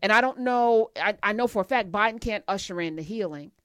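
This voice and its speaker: A woman's voice: mid-range voice, brisk, clear, resonant tone, dry recording, clean studio sound. A woman hosting a casual conversation, who speaks bluntly and frankly. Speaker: host.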